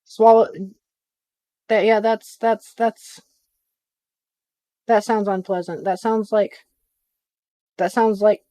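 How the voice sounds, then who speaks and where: A woman's voice: medium pitch, steady tone, slow, long pauses, warm tone, dry recording. A woman reading a novel aloud on a live stream, breaking off for chatty asides. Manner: chatty asides between reading, some stumbles.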